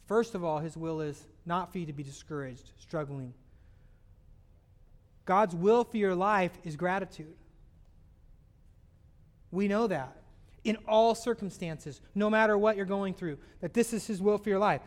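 A man's voice: sits high, measured pace, pauses often. A man preaching a sermon, speaking earnestly and slipping into acted-out voices of everyday complaints. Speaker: pastor.

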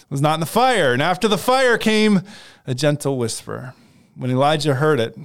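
A man shares a spiritual story in an earnest, conversational way, often restarting his phrases. His voice sits a touch high and sounds smooth and clear. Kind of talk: casual faith conversation.

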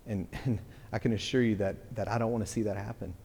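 Middle-aged male pastor, earnest sermon, low warm voice, hall reverb. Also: fairly even intonation, quick pace, slightly rough. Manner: earnest, repeats words, restarts phrases. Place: church hall.

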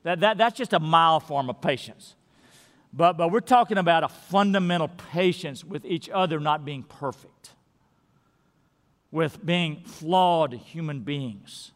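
A male pastor with a notably high-pitched voice delivers an earnest sermon, repeating key words and sinking to a hush to drive a point home. His voice rings out with the long reverb of a large church sanctuary. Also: takes it slowly.

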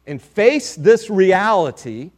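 A man with a notably high voice delivers a sermon. He reads scripture aloud and leans hard on his key points in a steady, measured way. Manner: emphatic, measured preaching with scripture readings. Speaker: preacher.

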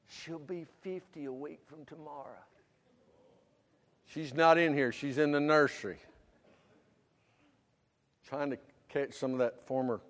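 Pastor in his fifties, high voice, punchy sermon delivery, reverberant hall. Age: 50s. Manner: preaching with sudden loud emphatic bursts and dropped asides.

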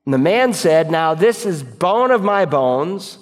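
A man with a fairly high voice delivers an expository sermon, reading verses and unpacking them. His voice rings through a church sanctuary with a long, lingering reverb. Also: big pitch swings, unhurried. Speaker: pastor.

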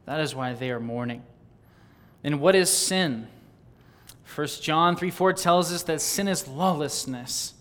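High-voiced fervent male preacher. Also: a little slow, a bit bright. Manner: fervent, rising on exclamations and lists. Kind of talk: sermon with read-aloud diary passages.

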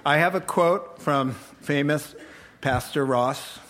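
A man preaching a sermon as pastor, animated and joking with laughing asides. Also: on the high side, takes it slowly.

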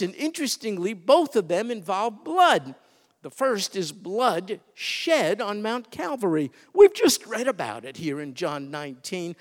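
A man preaching a sermon as a pastor, stretching out words and pausing for emphasis. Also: high voice, in a large hall. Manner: dramatic preaching with emphatic pauses.

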